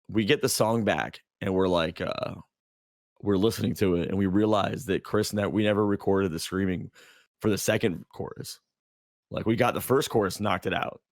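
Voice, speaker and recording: Speaking low and a little slowly, pausing often, this male podcast co-host works through a long story. The chat is casual and meandering, packed with fillers and restarts, in a studio-quality recording with no room sound.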